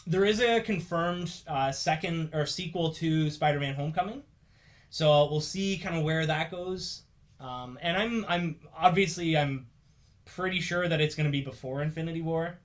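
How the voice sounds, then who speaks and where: A man's voice: on the high side, moderate pace. Chatty young man, rambling host. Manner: chatty, rambling with many fillers and laughs. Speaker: podcast host. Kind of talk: casual chat.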